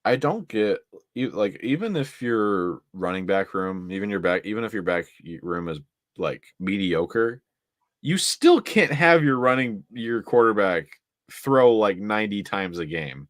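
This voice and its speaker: A young man with a very low, deep voice talks football in a loose, excitable way, piling up stats and laughing between points. The sound is close and dry, with no room echo. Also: unhurried. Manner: excitable, stat-heavy, laughs often. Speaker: co-host. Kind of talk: casual sports chat.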